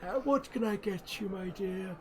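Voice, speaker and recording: A man's voice: sits high, moderate pace, background noise, voice pushed up, lightly acted. A man voicing a very old, forgetful gnome tinkerer who sells clockwork toys, speaking in a quavering, hesitant way full of ums and uhs. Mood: doddering.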